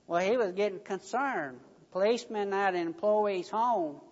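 A preacher delivering a sermon, telling a story slowly with emphatic stresses, in a church hall. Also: mid-range voice, lively intonation, darkish tone. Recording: dull recording, long hall reverb.

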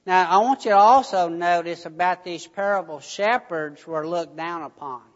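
A preacher delivering a sermon, telling a story slowly with emphatic stresses, in a church hall. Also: medium pitch. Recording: dull recording, long hall reverb.

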